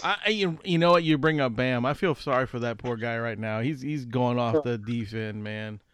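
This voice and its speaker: A male podcast host chatting casually, laid-back and quick with agreeing interjections and swearing. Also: mid-range voice, fairly bright tone, clean tone, no room sound. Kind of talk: casual chat.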